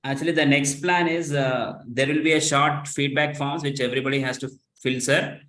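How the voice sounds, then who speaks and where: A man's voice: mid-range voice, fairly even intonation, moderate pace, a bit bright, echoey room, slight background noise. A man with an Indian English accent coordinating an online session, polite and deferential. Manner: deferential, says sir often. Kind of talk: polite organizational talk.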